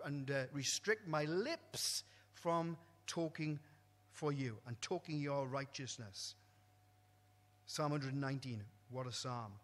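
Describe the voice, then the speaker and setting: A man with a fairly high, bright, forceful voice delivers a sermon, jumping from loud, ringing exclamations to hushed, low asides. His voice rings with the long reverb of a church hall. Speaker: preacher.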